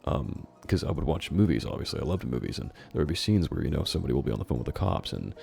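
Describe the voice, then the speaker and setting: Over faint background music, a man with an extremely low, gravelly, darkish voice reads aloud a horror story he wrote as a child, talking fast and very animatedly. He mocks it as he goes with sarcastic, amused asides, turning it into a dramatic reading with comic commentary.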